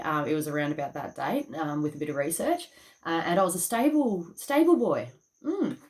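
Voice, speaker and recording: A woman's voice: deep voice, darkish tone. An Australian woman talking casually to her viewers, chatty, swearing freely and saying "okay" again and again. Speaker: spiritual channel and YouTuber. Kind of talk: casual talk to camera.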